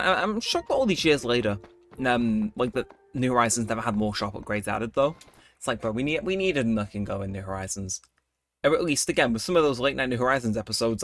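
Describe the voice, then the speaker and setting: Chatty man, lively pitch. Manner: rambling, chatty, laid-back late-night talk. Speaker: gameplay video host. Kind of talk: casual let's-play commentary. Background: faint game music.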